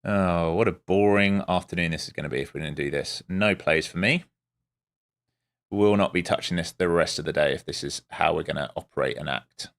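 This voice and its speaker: A man's voice: sits low, brisk, gravelly. A man streaming live as a day trader, giving casual, wry commentary with muttered asides to his viewers.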